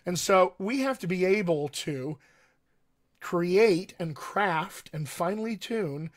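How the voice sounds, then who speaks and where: American man, dialect coach on a livestream, earnest and emphatic, slightly higher voice, repeats his points. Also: animated, slow pace. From United States. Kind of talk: livestream teaching talk.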